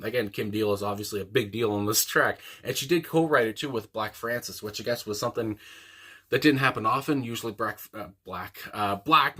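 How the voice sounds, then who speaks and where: A young man chats casually about a song he just heard, rambling and enthusiastic, with plenty of ums and uhs. His voice sits fairly low but sounds bright and forceful. He comes across as an eager host thinking aloud. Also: husky. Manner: rambling and enthusiastic, with frequent fillers. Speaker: music reaction channel host. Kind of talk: casual music reaction commentary.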